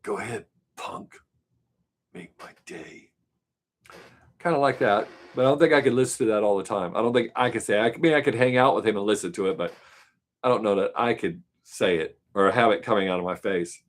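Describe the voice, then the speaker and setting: On his live stream, a man with a lowish voice chats in a relaxed, unscripted way. Mulling over a viewer's question, he rambles and thinks aloud, often stopping mid-thought and trailing off before carrying on.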